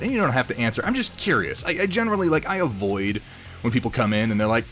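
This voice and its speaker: A man's voice: medium pitch, sing-song, fast, a bit bright. A man streaming live while painting, chatting casually, rambling and poking fun at himself as he greets viewers. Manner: rambling, self-mocking, reads out chat names. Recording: faint music behind. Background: faint music.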